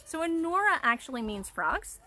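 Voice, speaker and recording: A woman's voice: sits high, very animated, normal speed, bright, forceful tone. A woman educator giving a cheerful live-streamed nature lesson for children outdoors by a pond, explaining things and speaking directly to her young audience. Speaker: wildlife educator.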